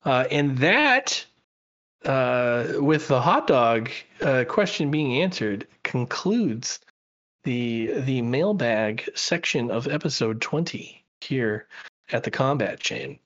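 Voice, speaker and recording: A man's voice: mid-range voice, animated, takes it slowly, a bit bright, dull audio. A man co-hosting a podcast, chatting casually and enthusiastically with lots of fillers and restarts. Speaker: podcast co-host.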